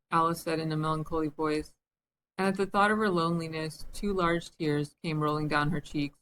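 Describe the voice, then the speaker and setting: A woman reading a classic children's story aloud as an audiobook, with a lively, expressive delivery. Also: low-pitched, normal speed, creaky, a little hiss or hum, low-quality recording. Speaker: audiobook reader. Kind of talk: storybook narration.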